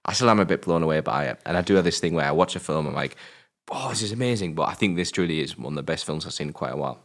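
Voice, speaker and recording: British male co-host, very low voice, loose rambling film chat with fillers. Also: very fast. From Britain. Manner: rambling, many fillers and restarts, swears casually. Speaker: film review podcast co-host. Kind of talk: casual film discussion.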